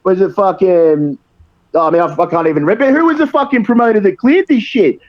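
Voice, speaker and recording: A man with a high voice, getting worked up and swearing constantly as he rants on a podcast. The audio sounds dull and lo-fi. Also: brisk. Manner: profane, worked up, ranting. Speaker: wrestler guest. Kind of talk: heated casual podcast chat.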